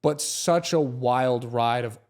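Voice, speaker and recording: A young man, a comedian guest on a podcast, telling stories in a casual, animated way, swearing often and acting out what people said. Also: medium pitch, slow. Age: young adult. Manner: animated, swearing, acts out quotes.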